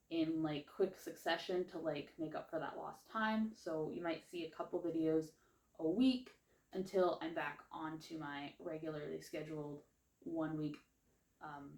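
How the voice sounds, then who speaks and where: A woman's voice: deep voice, darkish tone, echoey room. Chatty woman with a slight lisp. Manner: chatty, rambling, lots of likes and ums. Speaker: book vlogger. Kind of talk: casual reading wrap-up chat.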